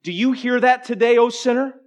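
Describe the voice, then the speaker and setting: A man preaching a sermon, moving between emphatic declarations and hushed, conversational asides to the congregation. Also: very high-pitched, a little fast. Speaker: pastor.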